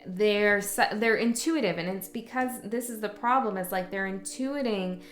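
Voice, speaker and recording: A woman of medium pitch and normal speed gives a casual tarot reading, speaking plainly and chattily and checking in with the listener by asking "okay?". The recording is echoey with faint music.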